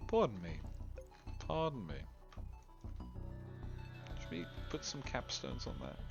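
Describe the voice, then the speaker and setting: This gameplay commentator has a low, gravelly voice with huge pitch swings, speaking unhurriedly and pausing often. He chats through a casual let's-play, humming, growing exasperated at the game and laughing at himself, on a slightly dull lo-fi track with faint music.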